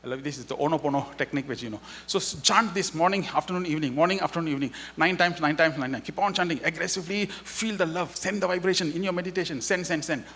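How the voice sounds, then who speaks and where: A man's voice: on the high side, quick pace, few pauses, fairly bright tone, slightly rough. A man giving an inspirational spiritual talk at a festival as a guest speaker, telling stories animatedly and acting out their dialogue. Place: festival hall.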